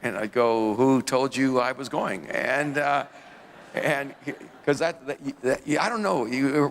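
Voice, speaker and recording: A man's voice: medium pitch, creaky, fairly bright tone, long reverb tail. A man, a pastor, telling his life story as an interview guest, rambling with restarts and laughing at himself.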